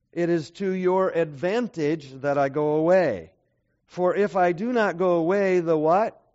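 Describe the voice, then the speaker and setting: A man's voice: sits high, darkish tone, muffled recording. A man preaching a sermon to a seminar audience, often checking in with rhetorical questions. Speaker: pastor.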